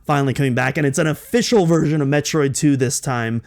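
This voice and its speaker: A young man hosting a podcast, telling a personal story in an excitable way, with many restarts and fillers. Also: a little high, fast. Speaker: podcast host.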